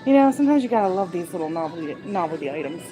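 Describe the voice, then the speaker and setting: A woman's voice: fairly low pitch, expressive, rapid-fire, dark tone, low-quality recording. A woman hosting a casual livestream from a shop late at night. She chats and giggles, and greets viewers as she goes. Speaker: livestream host. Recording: clear music behind.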